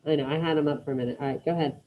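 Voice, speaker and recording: A woman's voice: low voice, fairly even intonation, rapid-fire, narrow, tinny audio. Woman teaching an online Spanish class. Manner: encouraging, calls on students by name.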